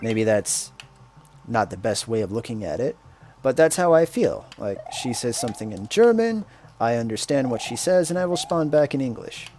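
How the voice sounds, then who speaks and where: A man streaming a game and chatting casually, telling stories in a rambling, unhurried way. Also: medium pitch, big pitch swings, darkish tone, slight background noise. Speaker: streamer and English teacher. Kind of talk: casual chat while playing a game. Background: faint video game music.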